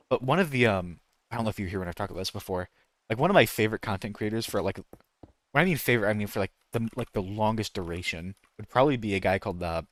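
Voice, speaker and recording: A man streaming a game and chatting casually, rambling and breaking off to try voice impressions. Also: lowish voice. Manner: rambling, self-interrupting, tries out voice impressions. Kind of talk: casual gaming stream chat.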